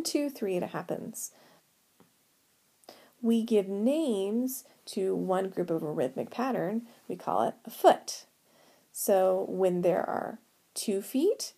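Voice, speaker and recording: Woman teacher going step by step through a whiteboard lesson, kinda gravelly, really lively pitch. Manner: patient, explains step by step.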